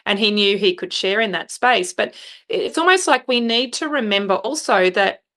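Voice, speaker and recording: A woman's voice: mid-range voice, animated, normal speed, fairly bright tone. A woman hosting a podcast, speaking frankly and assertively, with some fillers. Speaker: podcast host. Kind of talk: conversational interview.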